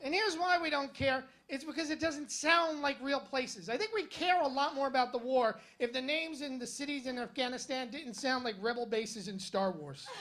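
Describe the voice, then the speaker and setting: A man's voice: very high voice, moderate pace, few pauses, bright, forceful tone. A male stand-up comedian telling jokes and stories on a comedy club stage in a wry, conversational way, with punchy jokes. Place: comedy club stage in front of a live audience.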